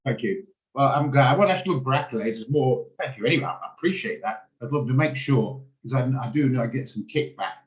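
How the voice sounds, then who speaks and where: A man leads a trading class over a video call. He talks quickly and hands-on, walking through each step at a middle pitch. The sound has a noticeable room echo. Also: lively intonation, dull audio. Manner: fast, hands-on step-by-step explaining. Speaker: trading instructor. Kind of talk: live online trading lesson.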